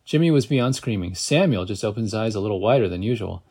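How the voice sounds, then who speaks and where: A man's voice: lowish voice, lively intonation, fast, mellow, breathy edge. A man reading a novel aloud in a casual way, with joking asides and small stumbles. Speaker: reader.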